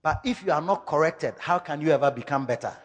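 A male pastor delivers an animated sermon at a quick pace in a slightly high voice, slipping into local-language phrases and suddenly shouting. The recording has a big-room sound.

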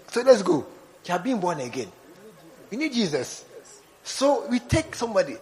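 A man preaching a lively sermon, acting out little scenes and joking with his congregation. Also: sits high, normal speed, pauses often, in a large hall, rough recording. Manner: animated, acts out scenes, jokes with the congregation.

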